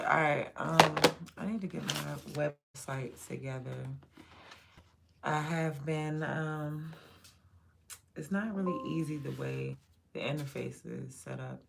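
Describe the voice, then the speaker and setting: A woman's voice: deep voice, a little slow, creaky, background noise. A mother talking casually to her livestream, profane and playful, laughing often.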